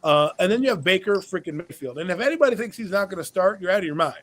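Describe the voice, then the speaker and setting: Male podcast host, high-pitched, blunt and opinionated, casual sports chat. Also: expressive, fast talker, fairly bright tone, a little hiss or hum.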